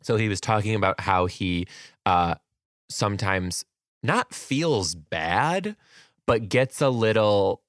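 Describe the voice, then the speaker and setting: A man's voice: on the low side, animated, slow, no room sound, clean studio sound. A young man hosting a casual chat, chatty and gushing with enthusiasm.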